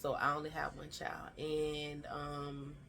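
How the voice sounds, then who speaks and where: A woman in her thirties telling a chatty, animated storytime to her vlog viewers. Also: deep voice, takes it slowly, creaky, slight background noise. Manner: animated storytelling, acts out quoted family lines; chatty and slangy, fillers like "child" and "y'all". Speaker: vlogger.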